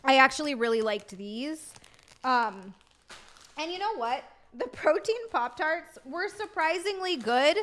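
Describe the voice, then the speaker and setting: A woman's voice: high voice, expressive, unhurried, fairly bright tone. A young woman live streaming, chatting casually with viewers, reading comments and ranting with exasperation. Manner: ranting, reads chat aloud and greets viewers.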